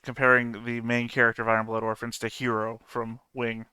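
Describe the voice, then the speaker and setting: Bright, crisp-voiced man ranting profanely. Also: medium pitch, brisk, dry recording. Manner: animated, profane, laughs while ranting. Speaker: tabletop game player. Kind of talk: casual chat between game sessions.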